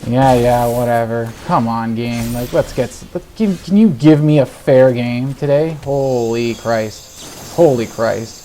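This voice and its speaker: A man's voice: mid-range voice, measured pace, a little hiss or hum. Exasperated man ranting over a card game. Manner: exasperated ranting, swearing, swings between muttering and shouting. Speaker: gaming video host. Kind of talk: live gameplay commentary.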